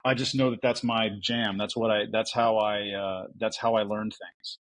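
A man who works as a voice actor, telling stories in a casual podcast interview, animated and full of restarts. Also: lowish voice, normal speed, poor audio. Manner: chatty storyteller, animated with restarts. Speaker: voice actor guest.

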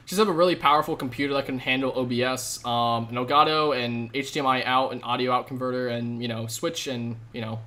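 A man's voice: medium pitch, steady tone, a little fast, few pauses, sharp tone. A man live-streaming a video game, chatting casually with viewers in an upbeat, slangy way into a desk microphone. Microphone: desk USB microphone.

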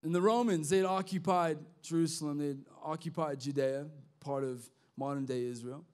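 A man preaching a youth sermon, impassioned and conversational, with slang and restarts, swinging from quiet to shouting. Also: a little high, normal speed, smooth. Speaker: youth pastor. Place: youth service hall.

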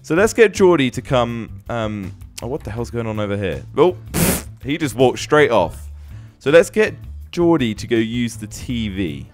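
A young man hosts a gaming video in a casual, joking way, laughing often and calling out to the characters on screen. His pitch is average but swings widely. Soft music plays quietly underneath. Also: moderate pace. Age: young adult. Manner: laughing, animated, exclaims at the screen. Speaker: gaming channel host. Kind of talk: casual game commentary.

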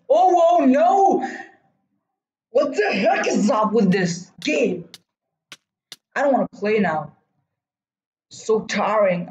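A man giving live commentary while streaming a game, urging himself on and breaking into loud whoa and no cries. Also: high-pitched, reverberant, low-quality recording. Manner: talks to himself and urges teammates on. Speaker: gaming streamer.

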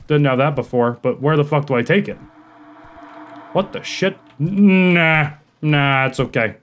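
A man hosting a horror game playthrough, talking to himself in jumpy, profane commentary that swings from muttering to yelling. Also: a little high, measured pace, a little hiss or hum. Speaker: gaming video host.

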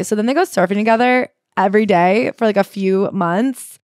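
A woman's voice: mid-range voice, quick pace, a little mellow, no echo. A woman co-hosting a comedy book podcast, recapping a memoir with sarcastic asides and dry read-aloud passages. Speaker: podcast co-host.

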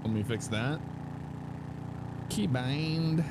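A man's voice: mid-range voice, drawn-out words, very noisy. A man streaming a game in casual, laughing banter with friends. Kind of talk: casual gaming chat.

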